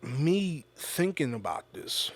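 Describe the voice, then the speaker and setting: Man musing in a halting, reflective way. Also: on the high side, sing-song. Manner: reflective, halting, repeats words, swears often. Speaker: podcast host. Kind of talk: casual confessional monologue.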